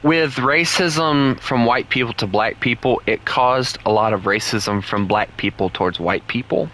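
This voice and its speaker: A man's voice: medium pitch, measured pace, pushed and bright, low-quality recording. A man with a Southern US accent, streaming a game and chatting casually in a rambling, opinionated and blunt way. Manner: blunt, heated rants. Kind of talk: casual live-stream chat.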